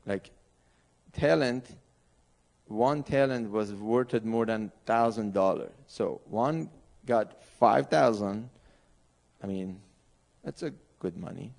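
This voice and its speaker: A man's voice: lowish voice, slow, gravelly, long pauses, a little mellow. A middle-aged man from Iran with an Iranian accent, preaching a sermon as a missionary pastor in earnest, broken English. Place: church sanctuary.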